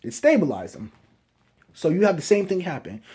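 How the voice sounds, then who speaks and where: Husky dude riffing on movie ideas, kinda high voice, rambling, lots of "right?". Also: male voice, big pitch swings, normal speed, warm tone. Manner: rambling, keeps asking "right?" and hedging. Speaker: movie reviewer. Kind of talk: casual fan speculation.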